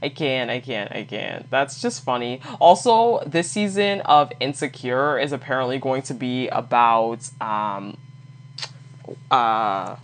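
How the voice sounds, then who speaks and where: Very low-voiced blunt woman podcaster. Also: takes it slowly. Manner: blunt, profane, laughs often, animated asides. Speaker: podcast host. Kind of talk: casual solo podcast chat.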